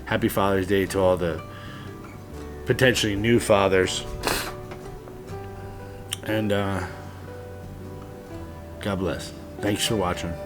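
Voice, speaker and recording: A man's voice: sits low, steady tone, slow, pauses often, music in the background. A man in his late thirties, a father giving heartfelt, earnest advice to other dads, sometimes blunt and swearing. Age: 30s. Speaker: father vlogger. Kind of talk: heartfelt personal monologue.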